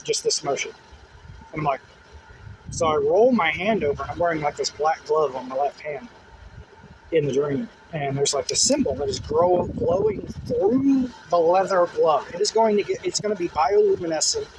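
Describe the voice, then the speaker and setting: A man's voice: on the high side, normal speed. A man casually telling a dream in the first person, rambling and full of filler words. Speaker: dream testimony teller. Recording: steady noise behind, passing vehicles.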